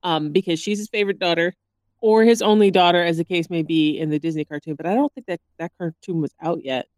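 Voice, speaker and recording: A woman co-hosting a podcast in casual chat, animated and quick to laugh. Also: on the low side, dry recording. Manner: chatty, animated, laughs often. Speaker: podcast co-host.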